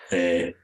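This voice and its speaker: Rambling Scottish man, echoey room. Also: deep voice. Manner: rambling, swears casually, restarts sentences. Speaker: podcast co-host. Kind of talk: casual chat about football. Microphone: headphones on a remote call. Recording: echoey room, faint noise.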